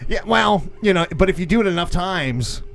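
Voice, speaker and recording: A man in his thirties co-hosting a podcast in a studio, a lively storyteller who swears freely and acts out the voices in his stories. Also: high-pitched, normal speed, heavy background noise. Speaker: podcast co-host. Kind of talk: casual chat.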